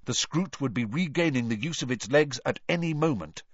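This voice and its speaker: A man giving a lively, dramatic storybook narration, in a dull, dry recording. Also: medium pitch, fairly quick, no room sound. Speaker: audiobook reader.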